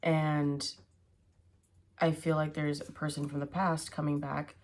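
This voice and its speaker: A woman's voice: sits low, little pitch movement, unhurried, slight background noise. A woman giving a casual tarot reading, musing aloud with hums and fillers as she turns each card. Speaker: tarot reader.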